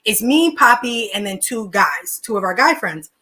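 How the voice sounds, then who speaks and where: A woman's voice: mid-range voice, normal speed. A young woman, a podcast guest telling stories in casual, slangy chat and laughing between lines. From Philadelphia, USA. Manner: animated, slangy, laughs mid-story.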